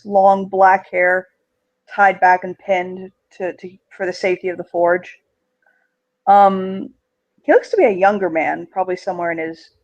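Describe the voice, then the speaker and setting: A game master narrating a tabletop game at a middling pitch. The descriptions come in halting bursts with frequent fillers. The tone stays conversational. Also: highs cut off.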